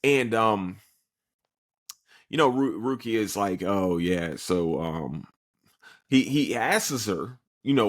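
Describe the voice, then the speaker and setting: Profane, animated man recapping anime. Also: lowish voice. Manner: animated storyteller who acts out characters in quick put-on voices; swears freely, loose and joking. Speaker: podcast host recapping an anime episode.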